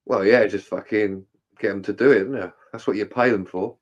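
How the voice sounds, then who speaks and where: A man's voice: lowish voice, steady tone, fairly quick, highs cut off. A man in casual chat, telling rowdy stories with plenty of swearing and laughter.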